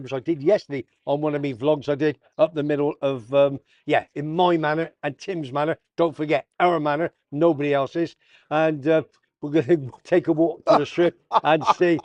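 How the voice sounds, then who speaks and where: A man's voice: on the high side, a little mellow, no echo, muffled recording. A man hosting a casual sports roundup vlog, full of jokey banter and slang. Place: south of Tenerife.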